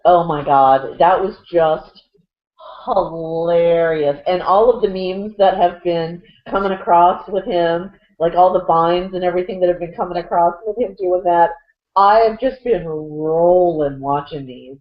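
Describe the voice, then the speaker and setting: Female co-host, casual sports banter, rambling, lower register. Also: measured pace. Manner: chatty, rambling, lots of fillers and restarts. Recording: dull lo-fi audio.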